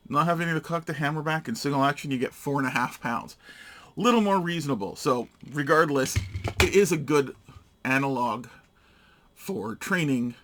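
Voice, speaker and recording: A man's voice: fairly high pitch, expressive, moderate pace, a bit bright, slight background noise. Man giving a terse hands-on demo. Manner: matter-of-fact, terse step-by-step narration. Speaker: gun reviewer. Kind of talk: casual hands-on product demo.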